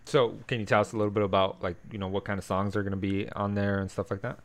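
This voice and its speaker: A man's voice: fairly low pitch, little pitch movement, quick pace. A man interviewing a musician in casual chat, loose and swearing freely.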